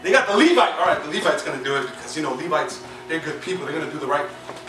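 A man's voice: fairly high pitch, expressive, very fast. A man preaching a sermon as pastor, telling stories in a conversational, humorous way and drawing responses from the congregation. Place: church sanctuary. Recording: echoey hall from far off, with music.

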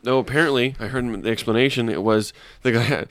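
Man, mid-pitched, deadpan comic, mumbled asides, dry studio mic. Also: fast, no room sound. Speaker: podcast co-host. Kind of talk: crude comedic banter.

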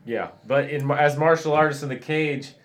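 A man in casual chat, chiming in calmly and agreeably. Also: fairly high pitch, moderate pace, a crowd in the background.

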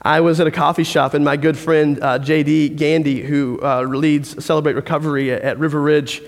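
Animated preaching man, long hall reverb. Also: a little high, moderate pace. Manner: conversational, animated storytelling. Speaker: pastor. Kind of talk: sermon. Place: church hall.

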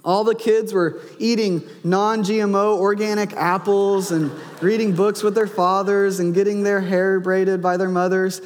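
A man's voice: high-pitched, flat delivery, unhurried, few pauses. A man in his thirties, a pastor preaching a sermon, telling a personal story and acting out his son's lines and his own. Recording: long hall reverb.

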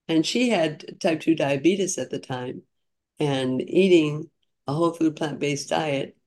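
Her voice sits low and sounds a little mellow. She's in her sixties, appearing as a podcast guest, and recounts her story chattily and earnestly, restarting frequently in this relaxed interview.

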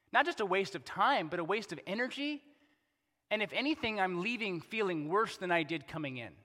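Animated male pastor, bright voice, hall reverb. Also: high voice. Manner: conversational, animated preaching with repeated rhetorical questions. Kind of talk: sermon.

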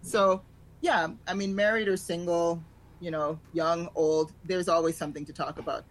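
A woman in her forties, a stand-up comedian telling stories in a frank, animated way, acting out other people's lines as she talks. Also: lowish voice, moderate pace, poor audio. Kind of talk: storytelling in a podcast chat.

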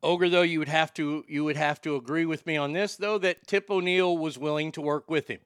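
A man's voice: fairly high pitch, steady tone, fairly quick, a bit bright, clear, resonant tone, no room sound, studio quality. A man hosting casual political commentary, blunt and profane, reacting to viewer comments. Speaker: political commentary host reading chat.

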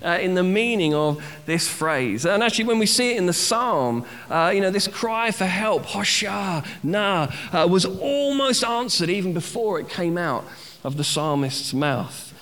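A man's voice: high-pitched, expressive, a little slow, fairly bright tone, long reverb tail. A man giving a sermon as a pastor, teaching a word study with acted-out cries and repeated phrases.

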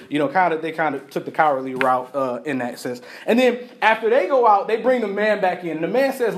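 A man's voice: sits high, fast, few pauses. A male pastor preaching a sermon in a casual, storytelling way, acting out the people in the story and often laughing. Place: church.

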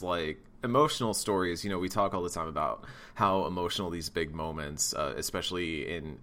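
Male podcast host, low voice, congested, casual and relaxed. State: congested from a cold.

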